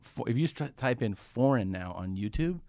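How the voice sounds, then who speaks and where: A man in a podcast studio spins a story with easy energy, swearing often and breaking into laughter along the way. His voice sits at a middling pitch and is recorded close and dry, with almost no room sound. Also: normal speed, no room sound. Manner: animated storyteller, swears freely, laughs while telling. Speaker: comedian guest. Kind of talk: casual storytelling conversation.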